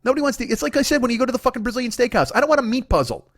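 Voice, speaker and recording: Fast-talking profane comedy podcast man. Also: extremely high pitch, no room sound, clean studio sound. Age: 40s. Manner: profane, excitable, riffing. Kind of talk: rambling comedic monologue.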